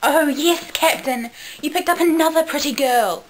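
A woman voicing a teasing young female time-travel companion, with a high, playful voice. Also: normal speed, close to an everyday voice, rough recording.

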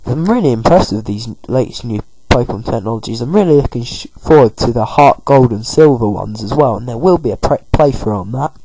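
Mellow, husky man talking through a game. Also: medium pitch, lively intonation, brisk, hardly any pauses, no echo, poor audio. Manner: chatty, rambling. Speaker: game commentator. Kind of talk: casual game walkthrough.

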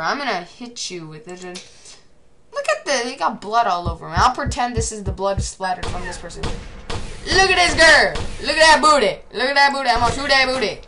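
A teenage girl giving excitable gameplay commentary, often shouting at the game. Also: on the high side, moderate pace, background noise.

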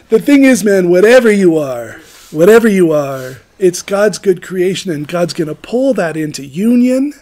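A man's voice: high-pitched, lively intonation, moderate pace, few pauses, darkish tone. A middle-aged man giving an informal, rambling sermon, joking about himself and laughing often. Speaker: preacher.

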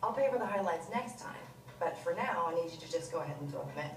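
An actress playing an insistent salon client trying to pay less. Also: female voice, lowish voice, animated, fast talker, far from the mic, noisy background. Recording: video played in echoey hall.

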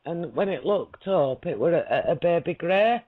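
A woman's voice: fairly low pitch, lively intonation, moderate pace. A woman, a guest rambling through a story in a casual chat, laughing often and checking that she is understood. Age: 40s. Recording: lo-fi audio.

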